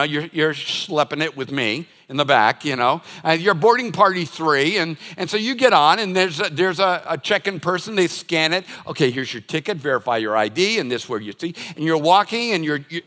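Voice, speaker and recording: A man's voice: sits high, pushed and bright. An older man preaching a sermon as a pastor, telling stories and acting out everyday scenes. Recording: long reverb of a large hall.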